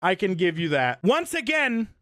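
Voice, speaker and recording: A man's voice: high-pitched, big pitch swings, moderate pace, fairly bright tone, dry recording. A man streaming live, ranting in an exasperated, incredulous way in casual chat.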